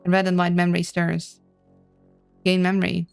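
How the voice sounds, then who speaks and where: A woman's voice: lowish voice, level tone, a little fast, creaky, darkish tone, smooth, soft background music. A woman casually playing a narrative game, reading its text aloud with chatty, playful asides and stumbles over names. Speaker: let's-play streamer.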